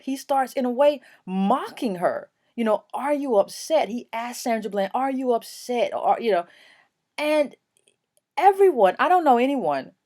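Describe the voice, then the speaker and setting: A woman's voice: on the high side, darkish tone. A woman hosting her own commentary vlog, talking emphatically and indignantly, with many fillers and restarts. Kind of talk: opinion commentary to camera.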